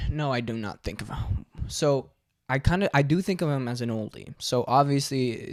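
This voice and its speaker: A man's voice: mid-range voice, no echo, studio quality. Rambling young man vlogging. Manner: quick, rambling, self-interrupting. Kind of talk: casual chat while trying character voices. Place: home room.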